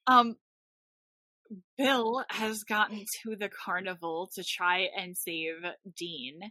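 A woman with a bright, sharp-edged voice recaps a movie in casual podcast chat. Her remarks are dry and wry, recorded close on a dead, dry mic. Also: lowish voice, no room sound. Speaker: podcast co-host.

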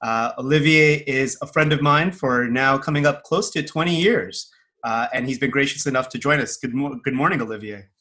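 A man hosts a podcast in friendly, joking banter. His tone is bright and forward, at a middle pitch. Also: moderate pace. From Canada. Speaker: podcast host. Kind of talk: casual interview.

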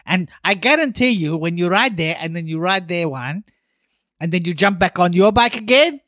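A man hosting a casual sweary chat, excitable and bantering. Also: high-pitched, moderate pace, no room sound, studio quality. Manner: excitable, sweary, banters and does mocking voices. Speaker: podcast host.

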